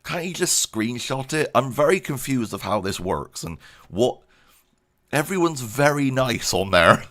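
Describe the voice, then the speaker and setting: A man's voice: mid-range voice, very animated, a little slow, fairly bright tone. A man giving a casual channel update, rambling and self-deprecating, laughing often. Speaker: YouTube creator.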